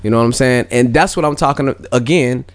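A man's voice: medium pitch, brisk, no room sound. Laid-back man questioning, dry sound. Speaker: podcast co-host. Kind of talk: casual chat.

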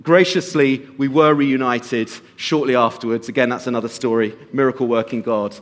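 A man giving a sermon and telling a personal story, slowing to soft emphasis at times and lifting his voice at others. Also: medium pitch, fairly even intonation. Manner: storytelling, shifts between soft slow emphasis and raised bursts. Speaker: pastor.

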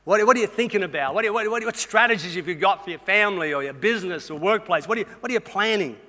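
A middle-aged Australian man preaching a sermon, energetic and conversational, speaking straight to the congregation with some humor. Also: high voice. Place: church auditorium. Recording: reverberant church hall.

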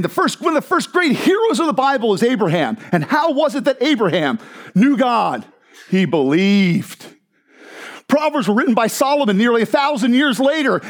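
A male pastor preaching a sermon in an animated, joking way, sometimes mimicking other voices. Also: high voice.

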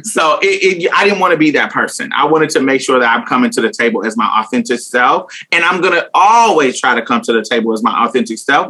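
A woman's voice: deep voice, a bit bright, slightly rough. A young woman talking candidly in an interview, blunt and emphatic, swearing freely and laughing often. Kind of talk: candid casual conversation.

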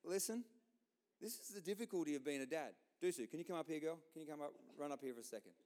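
A middle-aged man preaching a sermon as a pastor, impassioned, swinging between loud outbursts and quiet asides. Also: fairly high pitch, animated, quick pace, long reverb tail.

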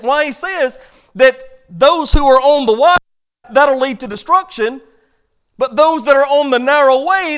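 High-voiced preaching man. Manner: builds from low quiet passages to loud emphatic points. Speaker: pastor. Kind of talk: sermon.

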